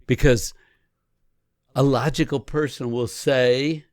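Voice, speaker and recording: A man co-hosting a podcast, talking casually and coaching through examples in an animated way. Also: mid-range voice, unhurried, creaky, dry recording, studio quality. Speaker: podcast co-host. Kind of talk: casual conversation on marriage.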